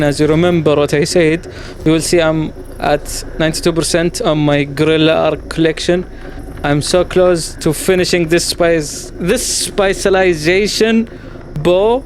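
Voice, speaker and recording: Man, gameplay commentary, reflective and musing, slightly high voice, faint hiss behind. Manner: musing, with playful exclamations. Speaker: gaming channel host.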